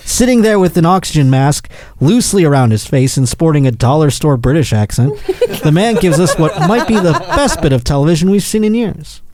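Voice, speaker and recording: A man's voice: a little high, sing-song, brisk, a little mellow, no room sound. A man hosting a comedy podcast, casually recapping odd news clips with sarcastic asides and mocking impressions. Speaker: podcast host.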